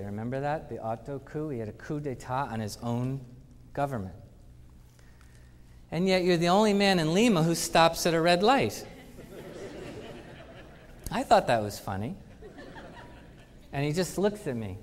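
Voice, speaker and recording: A man giving a conference talk, telling animated anecdotes and acting out the quotes. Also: on the high side, unhurried, pauses often, slight background noise. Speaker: conference speaker. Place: conference hall. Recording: reverberant conference hall.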